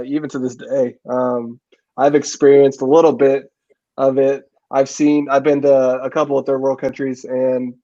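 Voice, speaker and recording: A man's voice: mid-range voice, a little mellow, no room sound. Earnest man with dull lo-fi sound. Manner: earnest, reflective, many fillers like man and um. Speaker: podcast co-host. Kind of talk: casual movie review chat.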